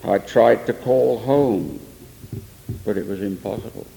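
A man's voice: on the low side, a little slow, creaky, dark tone. An older man preacher telling a story in an earnest sermon, with emphatic swells. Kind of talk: sermon testimony. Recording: long echo of a large hall.

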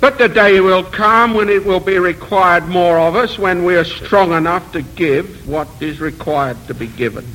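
Male preacher, high voice, earnest rhetorical sermon delivery. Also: moderate pace, hardly any pauses, fairly bright tone, low-quality recording. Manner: earnest, rhetorical, rising emphasis on repeated phrases; self-deprecating asides.

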